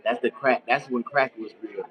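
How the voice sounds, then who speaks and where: A man's voice: medium pitch, fairly even intonation, normal speed, lo-fi sound, over a noisy crowd. A middle-aged man ranting crudely to his viewers in casual, boisterous storytelling. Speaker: streamer.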